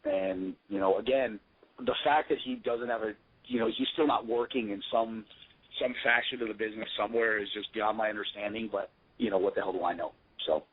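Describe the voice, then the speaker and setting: A man's voice: lowish voice, steady tone, brisk, husky. A man, a pro wrestler guest, telling casual stories in a rambling, profane, jokey way. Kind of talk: casual storytelling. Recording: tinny phone line.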